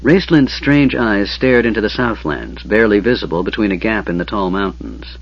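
A man reading a fantasy novel aloud in a steady, measured storytelling voice. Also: lowish voice. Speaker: audiobook narrator. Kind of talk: scripted fantasy narration. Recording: dull lo-fi audiobook recording.

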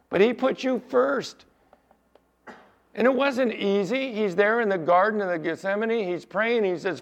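A male pastor preaching a sermon, emphatic at times and dropping to a soft storytelling voice. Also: sits high. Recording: dull lo-fi sound.

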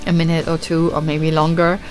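Woman, podcast host, casual film recap, profane, lively, acts out reactions, faint music behind. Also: low-pitched, a little fast. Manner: swearing, lively retelling with acted-out reactions. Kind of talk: casual film review chat.

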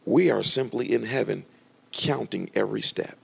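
A man voicing the Holy Spirit as a calm, solemn divine voice, speaking slowly and deliberately. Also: on the low side, creaky, breathy edge, full character voice.

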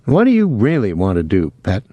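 A man's voice: fairly low pitch, huge pitch swings, a little fast, mellow, no room sound. A man voicing a cold, sarcastic, controlling older man who speaks in a mocking, curt way.

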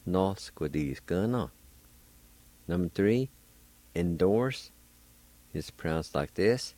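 A man hosting a radio language lesson, spelling words letter by letter and repeating each word slowly. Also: low voice, expressive, warm tone, no room sound. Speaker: radio host teaching Cherokee words.

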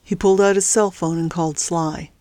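A woman reads a thriller story aloud in a fairly low voice. The sound is dry and close, with no room around it. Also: fairly even intonation, a little fast, dark tone, no room sound. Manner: reads all characters with small pitch shifts. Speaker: audiobook narrator. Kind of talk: scripted narration.

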